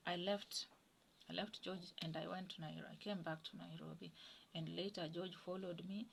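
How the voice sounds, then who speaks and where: A woman's voice: fairly low pitch, moderate pace, creaky, a little hiss or hum, poor audio. A Kenyan woman in her thirties, telling a personal story in an interview and acting out the people she quotes. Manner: animated storytelling, voices quoted people, drops to whispers.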